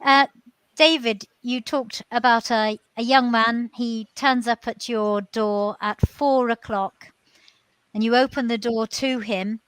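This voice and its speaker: Higher-voiced woman host asking questions. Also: fairly even intonation, takes it slowly, a bit bright, clear, resonant tone, no room sound, low-quality recording. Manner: reflective, encouraging questioner. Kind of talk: interview.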